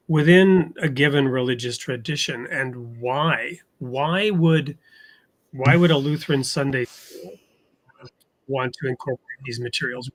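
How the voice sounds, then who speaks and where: A man hosting a conversational faith podcast, talking in a thoughtful, halting way and laughing easily. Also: medium pitch, fairly bright tone. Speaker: podcast host. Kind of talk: conversational interview.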